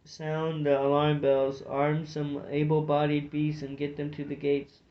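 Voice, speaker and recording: A burly otter chief bellowing commands from the walls, as a man acts him out. The pitch jumps higher when he hollers, on a dull, lo-fi track. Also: monotone, a little slow, echoey room, close to an everyday voice. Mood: commanding. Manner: shouting orders. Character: bold male otter chieftain shouting orders. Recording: dull lo-fi recording.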